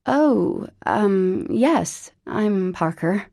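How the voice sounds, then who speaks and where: A woman's voice: mid-range voice, lively intonation, extremely slow, creaky, warm tone, no room sound, studio quality, full character voice. A woman narrating an audiobook, voicing a weary heroine who answers hesitantly and politely, with fillers. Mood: awkward.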